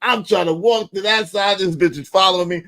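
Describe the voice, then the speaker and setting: A man telling a personal story in profane street slang, swinging between low mutters and loud outbursts. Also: fairly quick. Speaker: podcast storyteller. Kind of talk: animated storytelling.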